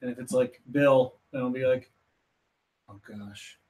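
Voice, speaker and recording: A man's voice: mid-range voice, level tone, brisk, darkish tone. A man co-hosting a casual podcast, making teasing remarks and telling anecdotes. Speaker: podcast co-host.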